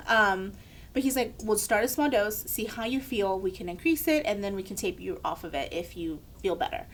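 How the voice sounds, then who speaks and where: Young woman co-host with a mid-range voice, telling a lively personal story over a faint low rumble. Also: normal speed. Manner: animated storyteller acting out quoted voices. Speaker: podcast co-host. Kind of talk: candid personal story in a podcast chat.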